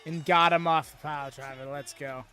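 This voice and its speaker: Excitable high-voiced watchalong host. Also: male voice, normal speed, soft background music. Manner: excited, casual, chatty. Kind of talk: live reaction commentary.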